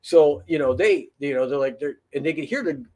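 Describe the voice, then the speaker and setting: A man's voice: a little high, brisk, dark tone. A man telling a long story in a casual, rambling way, full of fillers, restarts and swearing. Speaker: podcast host.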